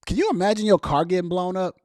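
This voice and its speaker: A man's voice: high voice, fast talker. A man hosting a vlog, reacting to news in casual, emphatic talk full of fillers. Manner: animated, emphatic, heavy on fillers.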